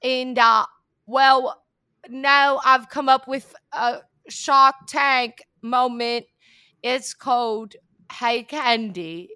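A woman voicing a rambling homesteader pitching a product, who says "well" again and again through a lisping impediment. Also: drawn-out words, sharp tone, no room sound, clean studio sound, heavily acted. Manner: repeats "well" over and over, with a lisping, mumbly impediment.

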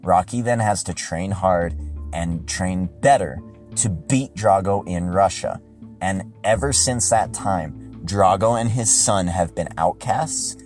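A man hosting a podcast, giving a casual, rambling movie review that gets excitable and profane when he is riled up. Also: sits low, slow pace, faint music behind. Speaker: podcast host.

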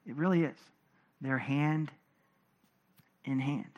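A pastor preaching a sermon to his congregation, animated, swinging between loud emphatic passages and low, quiet ones. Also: slow pace, muffled recording.

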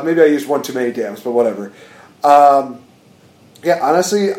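A man co-hosting a podcast, recapping wrestling in casual chat, animated and laughing as he acts out quotes. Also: mid-range voice, echoey room, rough recording. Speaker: podcast co-host.

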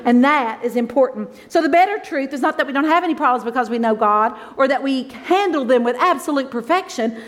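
A woman, a pastor's wife preaching a conversational, emotional sermon that swings from loud exclaims to soft asides. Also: sits high, lively intonation, brisk, hardly any pauses.

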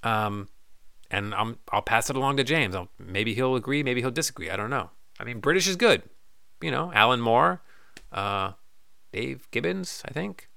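A man's voice: medium pitch, lively intonation, moderate pace, gravelly, bright, forceful tone, clean tone, dry recording, clean studio sound. A man hosting his own podcast, casually ranting and reading listener messages, loose and profane and joking. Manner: loose, profane, joking, breaks into goofy voices. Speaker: podcast host.

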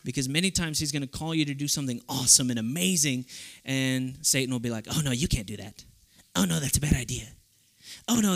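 A young man giving an animated sermon, telling stories with voiced asides and then leading a prayer. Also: medium pitch. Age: young adult. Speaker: youth speaker.

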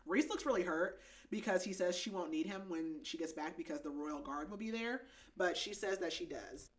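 A woman's voice: fairly low pitch, normal speed. A young woman co-hosting a podcast, casually recapping a book, chatty, with lots of "like" fillers and frequent laughter. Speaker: podcast co-host.

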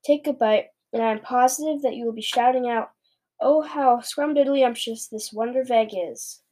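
A big, gentle male giant from a storybook, earnest and kindly, with muddled grammar, as a woman reading aloud puts him on. His voice sits fairly high. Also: moderate pace, close to an everyday voice. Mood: pleading.

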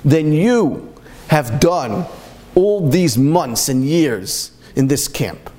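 A man's voice: fairly high pitch, lively intonation, very slow, warm tone. A man giving a storytelling sermon as a Torah speaker, impassioned and full of repeated rhetorical questions.

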